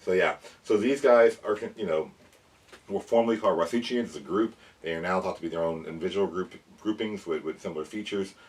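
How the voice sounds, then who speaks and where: A man's voice: sits low, a little fast. A man hosting a casual toy review and science explainer for kids, chatty and rambling, often correcting himself. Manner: addresses kids. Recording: voice a bit far from the mic, faint background noise.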